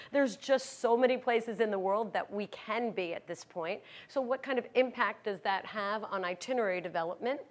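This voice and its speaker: A woman moderating a conference panel in a room, upbeat and quick to laugh, introducing speakers. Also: mid-range voice. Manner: upbeat, laughs lightly, self-correcting.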